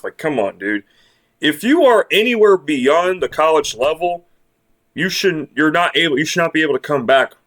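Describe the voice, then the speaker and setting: A man's voice: a little high, fairly bright tone. Blunt, sarcastic man ranting about college hoops. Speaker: sports commentator. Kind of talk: casual bracket predictions rant.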